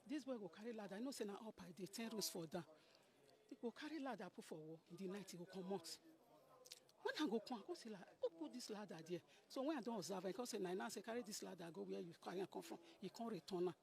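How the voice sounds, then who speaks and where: A woman's voice: mid-range voice, expressive, quick pace, creaky, a little mellow. A middle-aged woman with a Nigerian Pidgin English accent, giving an emotional account to a reporter, often calling her listener "my sister". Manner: pleading, repeats phrases, addresses listener as sister. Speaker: interviewee, landlady caretaker.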